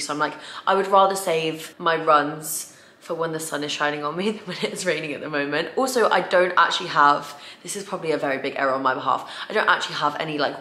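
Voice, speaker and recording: A young woman from England, chatting casually in a filler-heavy vlog, slightly raspy and tired. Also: low-pitched, bright, forceful tone. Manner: chatty, filler-heavy, emotional and choked up at times. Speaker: fitness vlogger. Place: home room, indoors. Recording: echoey room.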